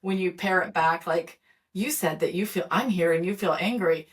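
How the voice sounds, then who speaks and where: A woman's voice: on the low side, normal speed. A middle-aged woman hosting an interview, talking casually with many fillers and restarts. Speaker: podcast host.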